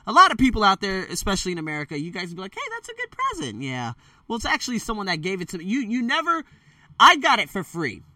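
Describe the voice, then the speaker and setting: A high-voiced man rattles off a rambling memory from his childhood at a fast clip, peppering it with fillers and backtracking as he goes. Animated, he keeps breaking into the voices of others, and the dry, roomless recording is made from some distance.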